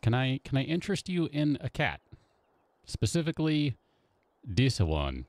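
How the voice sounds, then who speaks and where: A playful male streamer who greets his viewers by name and chats away between game moments. His pitch swings up and down freely, and the sound is close and dry with no room echo. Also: very animated, unhurried, darkish tone. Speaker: live streamer. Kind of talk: casual live-stream chat.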